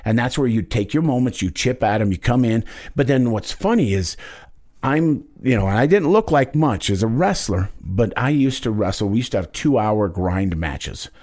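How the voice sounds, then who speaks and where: A man's voice: fairly low pitch, normal speed. A man in his fifties from Wyoming, a guest in an interview, telling a story earnestly and acting out the quotes. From Wyoming, United States. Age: 50s. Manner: earnest, animated retelling with acted quotes. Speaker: guest, Olympic wrestler.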